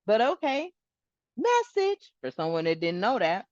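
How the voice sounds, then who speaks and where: A woman hosting a spiritual channel, talking casually to her viewers in an animated, rambling way and swearing freely. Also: a little high, measured pace, no room sound, highs cut off.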